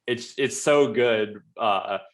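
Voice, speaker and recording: A man hosting a casual episode review, talking quickly in a rambling way with lots of fillers and restarts. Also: medium pitch. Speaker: show host reviewing a TV episode.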